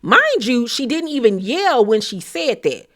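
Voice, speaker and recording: Animated, blunt woman recapping TV drama. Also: fairly high pitch, a little slow. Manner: blunt, profane, animated storytelling. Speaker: reality TV recap vlogger. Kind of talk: casual commentary recap.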